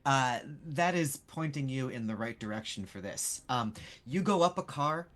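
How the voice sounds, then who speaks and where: A game master narrates scenes and calls for dice rolls in a loose, conversational way. The voice sits at a middling pitch and drifts through fillers and casual swearing. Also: expressive, normal speed, a bit bright.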